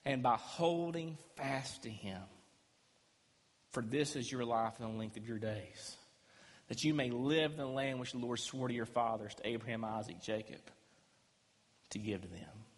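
A man preaching a sermon as pastor, emphatic and swinging between loud and quiet. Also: mid-range voice, normal speed. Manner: emphatic preaching, rising and dropping loudness. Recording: echoey hall with long reverb.

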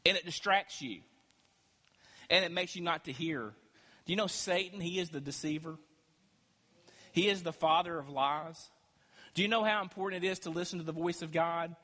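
A man preaching a sermon as pastor, emphatic and swinging between loud and quiet. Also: on the high side, normal speed, pauses often. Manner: emphatic preaching, rising and dropping loudness. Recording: echoey hall with long reverb.

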